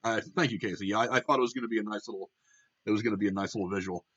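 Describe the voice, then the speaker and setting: A man's voice: lowish voice, rapid-fire, a bit bright, slightly rough, lo-fi sound. A young man hosting his own show, ranting bluntly with heavy swearing and frequent restarts. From Ohio. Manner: blunt, profane, heated. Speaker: political commentary host. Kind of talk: casual opinion rant.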